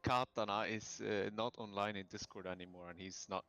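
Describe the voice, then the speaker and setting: A man's voice: lowish voice, fairly even intonation, a little fast, a bit bright, clear, resonant tone, muffled recording. A man on game voice chat, hesitant and playful, reeling off joking titles for his guild leader. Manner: hesitant, playful, full of fillers. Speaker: raid member. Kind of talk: casual voice chat while gaming.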